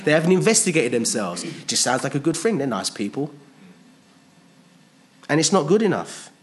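A man preaching a sermon to a congregation, emphatic and fond of rhetorical questions, pushing his pitch up on key points. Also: big pitch swings, normal speed.

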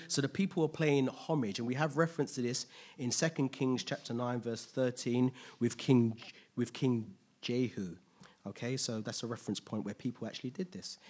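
A man preaching a sermon, asking rhetorical questions, making playful asides and building to loud, emphatic peaks. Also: medium pitch. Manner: casual asides with playful humor.

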